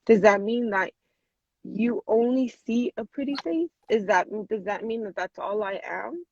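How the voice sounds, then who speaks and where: A woman in her thirties telling a personal story on a video call, animated and full of "like", acting out what people said. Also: a little high, unhurried, husky, no echo. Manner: animated, many "like" fillers, acts out quotes. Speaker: guest. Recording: dull lo-fi video call audio.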